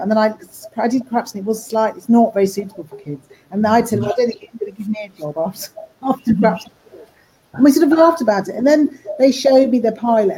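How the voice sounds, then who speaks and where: A woman with a fairly high, dark-toned voice chats casually in an interview about her job as an animator and voice actor. She rambles and restarts her sentences, and the audio quality is poor.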